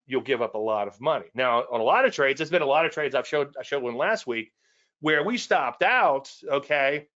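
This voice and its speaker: A man's voice: mid-range voice, lively intonation, normal speed, fairly bright tone, highs cut off. A man with a Cajun Louisiana accent giving a casual trading presentation, repetitive and folksy with self-deprecating asides.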